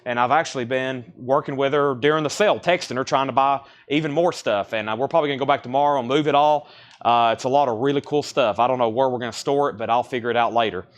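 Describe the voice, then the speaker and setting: A man's voice: mid-range voice, fast talker. A middle-aged man hosting a live-stream record sale, chatting casually and rattling off prices and bids.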